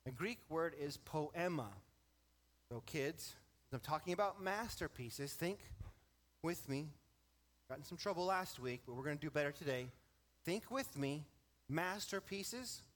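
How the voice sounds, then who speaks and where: A man's voice: a little high, lively intonation, a little slow, long pauses, a bit bright. A man preaching a sermon to his congregation, explaining a Bible verse with emphatic stress and shifting pace. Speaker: pastor.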